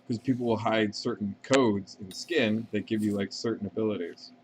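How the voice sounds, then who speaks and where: A man's voice: fairly low pitch, fairly even intonation, normal speed, a little hiss or hum. A man chatting casually and rambling while playing a game on a live stream, swearing freely and answering viewer questions.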